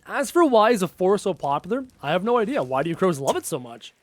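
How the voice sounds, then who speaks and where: A man giving chatty live gameplay commentary, excitable and often yelping at enemies. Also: high-pitched, fast talker, no room sound. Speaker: gaming YouTuber.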